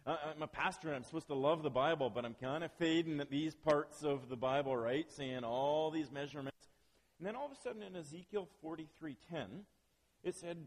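A man's voice: a little high, normal speed. A man preaching a sermon as pastor, talking conversationally with self-deprecating asides to the congregation. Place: church building. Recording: long reverb of a church hall.

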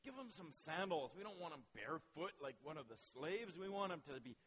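A man's voice: on the high side, very animated, a little fast, fairly bright tone. A man preaching voices a tender older father who pleads with his son. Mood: joyful.

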